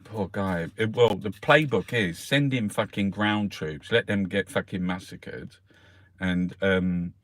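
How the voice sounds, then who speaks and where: A man's voice: low voice, takes it slowly, fairly bright tone, dry recording. A middle-aged man, ranting in angry, heavily sworn commentary as he reviews the newspapers. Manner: angry, sweary, heated rant.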